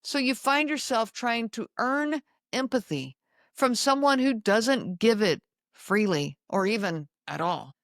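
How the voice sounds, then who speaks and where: A woman hosting a podcast, speaking slowly and emphatically to her listeners and repeating key lines. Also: a little high, dry recording, studio quality. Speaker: podcast host. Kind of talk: solo talk to listeners.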